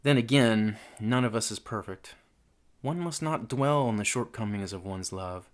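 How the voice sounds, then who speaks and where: A man's voice: lowish voice, normal speed. A man narrating a comic audiobook in a mock-earnest, wry manner.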